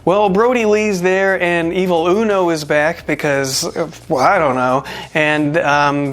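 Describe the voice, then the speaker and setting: A wrestling show reviewer giving a casual, rambling spoken recap, full of wry, self-deprecating jokes and asides. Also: medium pitch. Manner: rambling and chatty, with jokey asides.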